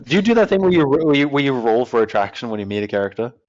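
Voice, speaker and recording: A man at mid pitch introduces characters for a tabletop game, stopping and restarting as he trips over long names. His voice comes through a dull, lo-fi recording, plain and unpolished in tone. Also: big pitch swings, a little mellow. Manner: halting, stumbles over names, swears under breath. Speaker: game master. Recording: dull lo-fi sound.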